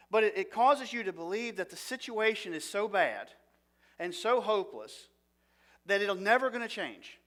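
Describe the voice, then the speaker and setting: A man teaching a seminary class in a conversational way, often putting questions to his listeners and going soft and low for personal moments. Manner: conversational, asks the audience questions. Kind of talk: seminary lecture.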